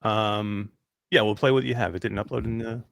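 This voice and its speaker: A man's voice: on the low side, fairly even intonation, moderate pace, vocal fry, dry recording. A man hosting a casual live show, steering the talk along in an upbeat way. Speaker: show host. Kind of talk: casual podcast chat.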